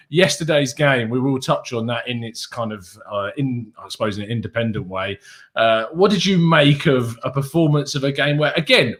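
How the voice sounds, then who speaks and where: A man's voice: medium pitch, a bit bright. A man with an English accent hosting a casual football podcast, upbeat and chatty, laughing often. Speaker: podcast host.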